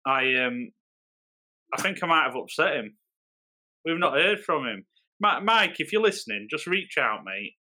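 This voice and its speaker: Bright-voiced joking podcast host. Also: male voice, fairly high pitch, expressive, moderate pace, long pauses. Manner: joking, loud laughs, mock accents. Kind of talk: casual banter.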